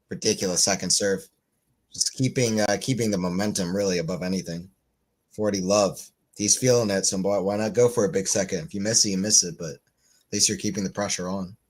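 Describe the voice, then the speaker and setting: A man giving casual live tennis commentary for a watchalong stream, just woken up, rambling into chatty asides between calls of the points. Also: on the low side. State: just woke up.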